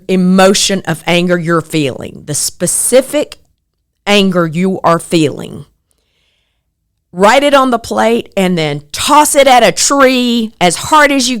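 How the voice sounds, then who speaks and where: The podcast host is a middle-aged woman with a mid-range, clean-toned voice. She gives an earnest, reflective personal monologue, getting animated as she quotes others.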